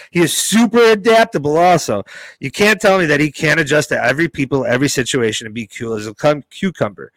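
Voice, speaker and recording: A man giving a profane, animated opinion rant in casual podcast banter. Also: mid-range voice, no echo, low-quality recording.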